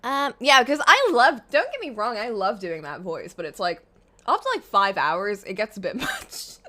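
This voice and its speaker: A woman streaming a game, chatting in a giggly, excitable way. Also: medium pitch, normal speed. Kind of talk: casual chat while playing a game.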